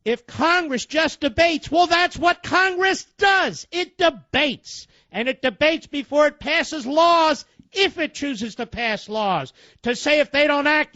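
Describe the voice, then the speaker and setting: A man's voice: very high-pitched, bright, forceful tone, no echo, highs cut off. A man hosting a talk radio show, delivering indignant, emphatic commentary full of rhetorical questions.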